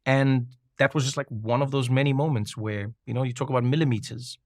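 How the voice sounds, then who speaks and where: A man telling a personal story as a guest in an interview, lively and quick to laugh, often repeating and restarting himself as he gets excited. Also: mid-range voice, no room sound, clean studio sound.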